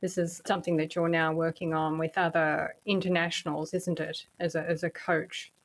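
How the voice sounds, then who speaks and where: A woman's voice: deep voice, little pitch movement, normal speed. A woman hosting an interview podcast, encouraging and affirming toward her guest. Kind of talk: interview conversation.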